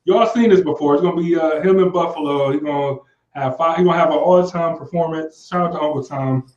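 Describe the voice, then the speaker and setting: A man with a slightly higher voice co-hosts a casual podcast, reading viewer comments in a laid-back, repetitive way. His voice carries a noticeable room echo. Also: quick pace, darkish tone, dull audio. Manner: laid-back, repeats himself, trails off with "like". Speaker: podcast co-host.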